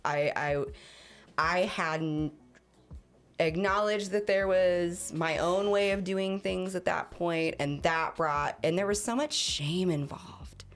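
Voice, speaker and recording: A woman with a notably low voice talks as a guest on a casual podcast. She is open and reflective, pausing and restarting as she works through her thoughts. Faint music plays behind. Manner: open, reflective, a bit halting. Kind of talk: casual conversational podcast chat.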